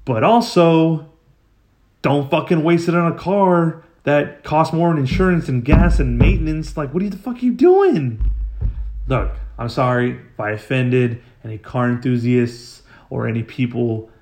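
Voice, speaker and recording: Slightly high and a bit slow, with a darkish tone, this man hosts a podcast and spins a comedic, casual story. He curses a lot, sounds exasperated, and breaks into rising outbursts.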